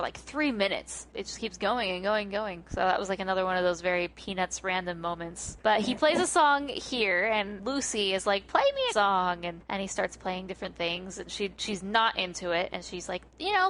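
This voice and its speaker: A woman's voice: medium pitch, a little hiss or hum. A woman co-hosting a podcast, casually retelling a holiday cartoon with lots of laughs, acting out little bits of the scenes. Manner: animated, giggly storyteller who acts out scenes. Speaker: podcast co-host. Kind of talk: casual chat recapping a film.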